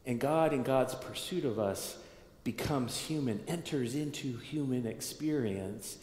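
A man's voice: medium pitch, measured pace, darkish tone. A man giving a conversational sermon to his congregation, thinking aloud, restarting phrases and checking in with the listeners. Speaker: pastor. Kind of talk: sermon teaching. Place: church sanctuary. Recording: echoey hall with long reverb.

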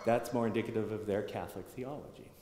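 A man's voice: on the low side, fairly even intonation, quick pace, dark tone. A man giving a conversational sermon to his congregation, thinking aloud, restarting phrases and checking in with the listeners. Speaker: pastor. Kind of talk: sermon teaching. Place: church sanctuary. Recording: echoey hall with long reverb.

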